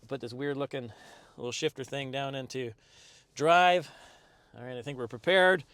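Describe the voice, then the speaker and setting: A man's voice: medium pitch, moderate pace, fairly bright tone, clean tone, no room sound. A middle-aged man giving a casual, upbeat car review from the driver's seat, chatty with plenty of ums and asides. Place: inside a car, driving.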